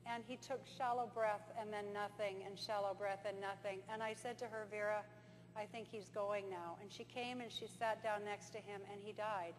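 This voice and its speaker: A woman giving a conference talk, telling stories and acting out dialogue in an animated way. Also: mid-range voice, moderate pace. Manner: animated storyteller, acts out dialogue. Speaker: conference presenter. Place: conference hall. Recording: reverberant hall with faint hum.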